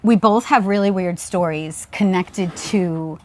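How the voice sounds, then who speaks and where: A middle-aged woman from Long Island, a podcast co-host and Reiki teacher, telling a childhood story in a casual, animated way, acting out the voices she quotes. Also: fairly low pitch, unhurried. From Long Island, New York. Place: outdoors at a beach before a small audience.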